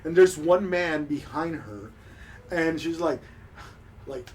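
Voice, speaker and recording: Laughing game master, slightly high voice. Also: male voice, lively intonation, takes it slowly, darkish tone. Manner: laughs often, loose with fillers. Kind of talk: narrating a tabletop game. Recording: distant mic, faint noise.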